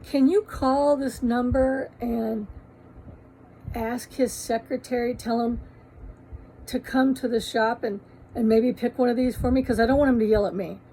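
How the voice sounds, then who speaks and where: A woman's voice: on the high side, fairly even intonation, measured pace, warm tone, slight background noise, pitched above the performer's own voice, low-quality recording. A woman voicing an eager, wealthy female customer who pleads in a rush. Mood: pleading.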